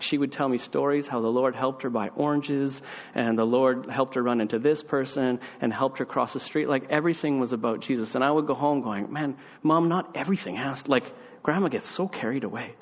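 In a sermon, a young man recounts a family story with animated, acted-out voices, then eases into quiet, earnest reflection. His pitch is ordinary, his voice slightly muffled, and it echoes around a large reverberant hall.

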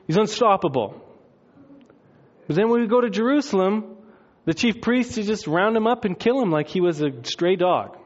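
A man preaching a lively sermon, swinging between loud excitement and hushed, quiet passages. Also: sits high, moderate pace. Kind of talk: lively sermon with acted-out quotes. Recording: dull lo-fi sound.

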